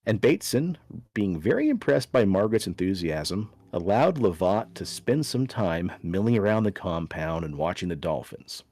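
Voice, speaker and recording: A man's voice: low-pitched, sing-song, moderate pace, a little mellow, dry recording. A man hosting a podcast, telling a story in a playful, dry way. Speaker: podcast host.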